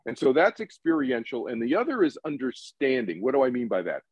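Animated man teaching on a podcast. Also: mid-range voice, fairly quick, husky, no room sound, highs cut off. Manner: animated, acts out quotes, asks rhetorical questions. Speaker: guest meditation teacher. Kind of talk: podcast interview talk.

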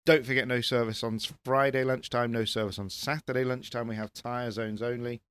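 A man talking rally as a pundit in casual panel chat, animated and repeating words as he presses his points. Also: mid-range voice, brisk, clear, resonant tone, dry recording.

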